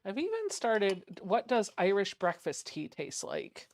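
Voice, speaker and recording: A woman's voice: medium pitch, huge pitch swings, measured pace, darkish tone, no room sound. Chatty woman, dry close sound. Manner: chatty, laughing, self-mocking. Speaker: sewing vlogger. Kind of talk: casual chat while sewing.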